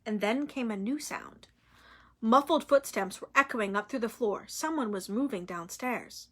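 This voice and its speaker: A woman reading a novel aloud in an expressive, dramatic way. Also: fairly high pitch, a little slow.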